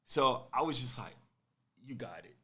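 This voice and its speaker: Animated young man telling a story. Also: medium pitch, normal speed. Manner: animated, slangy, acts out quotes. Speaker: podcast host telling a story. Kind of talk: casual storytelling.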